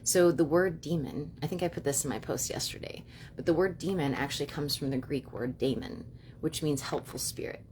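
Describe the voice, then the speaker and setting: A young woman with a low voice talks quickly into her phone on a home live stream, stringing thoughts together with plenty of fillers. A faint rumble sits behind her. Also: a little mellow. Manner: fast, chatty, many fillers like "you know" and "like". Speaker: livestream host and witch. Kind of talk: casual live-stream talk.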